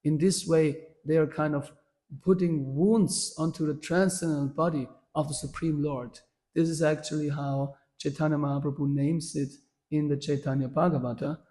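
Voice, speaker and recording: A man's voice: fairly high pitch, normal speed. A man, telling a devotional story at a workshop with many fillers and restarts. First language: German. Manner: animated, with frequent fillers and restarts. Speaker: workshop speaker.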